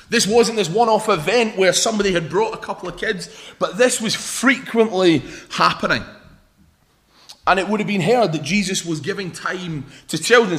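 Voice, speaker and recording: Young male preacher, high voice, casual joking sermon, storytelling. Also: fairly bright tone. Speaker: pastor.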